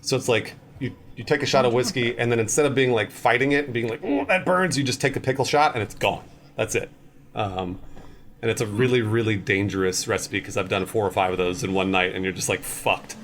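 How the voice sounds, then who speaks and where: Male host, animated casual storyteller, light background noise. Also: lowish voice, fairly quick. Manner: animated storyteller, lots of fillers. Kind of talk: casual chat.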